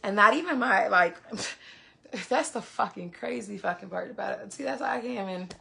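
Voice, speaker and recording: A woman's voice: mid-range voice, animated, moderate pace, creaky, sharp tone, a little hiss or hum. A woman vlogger venting to her viewers in heated casual talk, cursing freely and repeating phrases for emphasis.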